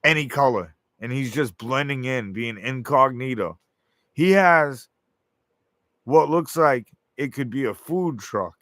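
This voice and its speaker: Man, rambling monologue, profane, acts out quoted voices, medium pitch, dry close sound. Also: sharp tone, dry recording. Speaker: show host.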